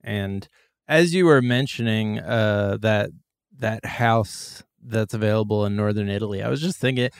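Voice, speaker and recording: Gravelly man podcast host, wry and profane, dry mic. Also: on the low side, normal speed, dry recording. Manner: wry, swears casually. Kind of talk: casual chat.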